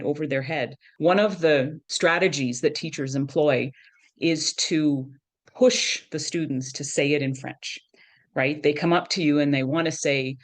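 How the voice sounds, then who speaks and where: A middle-aged woman, a professor of education, explaining things in a conversational interview and often checking in with "right?". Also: sits low. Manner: explanatory, frequently adds "right?".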